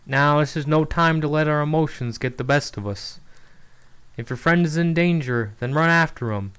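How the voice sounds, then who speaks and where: A man voicing a big, cheerful, poor desert villager man who talks in a friendly, gently reassuring way. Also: fairly high pitch, clear, resonant tone, close to an everyday voice. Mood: gentle.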